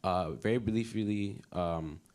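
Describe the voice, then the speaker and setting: Deep-voiced young student, polite audience question, hesitant. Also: male voice, takes it slowly, a little mellow. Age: young adult.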